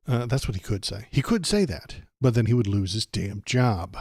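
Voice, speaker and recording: A man's voice: on the low side, animated, normal speed, hardly any pauses, darkish tone, husky, dry recording, clean studio sound. A man hosting a political livestream, ranting sarcastically and tripping over his words. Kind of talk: casual political commentary.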